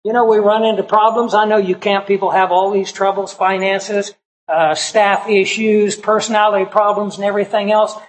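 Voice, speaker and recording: A man's voice: high-pitched, flat delivery, normal speed, rough recording. A middle-aged man, a pastor, telling a personal story in a sermon in a folksy, conversational way, acting out the people he quotes.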